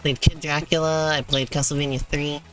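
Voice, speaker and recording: A woman's voice: low-pitched, level tone, moderate pace. A woman chatting casually while streaming a video game, full of fillers and laughs. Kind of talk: casual chat while gaming. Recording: live stream with game music behind.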